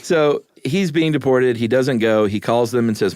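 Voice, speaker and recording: A man co-hosting a podcast, telling the story in a relaxed way with a few fillers. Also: mid-range voice, moderate pace, dry recording, studio quality. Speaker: podcast co-host. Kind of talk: casual chat.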